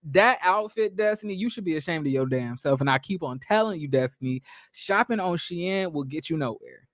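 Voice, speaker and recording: A man's voice: fairly high pitch, lively intonation, a little fast, fairly bright tone, dry recording, studio quality. A man giving a casual, blunt recap of a reality TV episode, full of slang and restarts. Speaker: recap vlogger.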